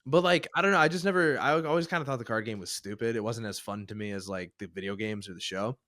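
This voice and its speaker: A man's voice: fairly low pitch, fast talker, a bit bright, no room sound. Young male podcast co-host, casual and rambling, dry close sound. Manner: rambling, hedging with "like" and "I don't know". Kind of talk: casual chat.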